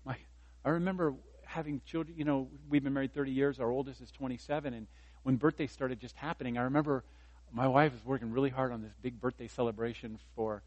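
A man's voice: medium pitch, steady tone, quick pace, a little mellow, dry recording, highs cut off. A man in his fifties, a pastor preaching a sermon in a conversational way, raising his voice for emphasis and joking at his own expense. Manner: conversational preaching, rising for emphasis, self-deprecating humor.

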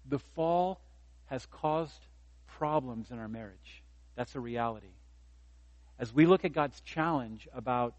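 A man's voice: mid-range voice, dry recording, low-quality recording. A man in his fifties, a pastor preaching a sermon in a conversational way, raising his voice for emphasis and joking at his own expense. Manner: conversational preaching, rising for emphasis, self-deprecating humor.

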